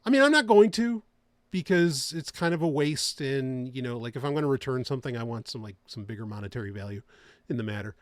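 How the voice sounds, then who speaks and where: Man, podcast host, casual chat, rambling, lively pitch, dry close sound. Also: fast, no room sound. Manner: rambling, laughs often, many restarts.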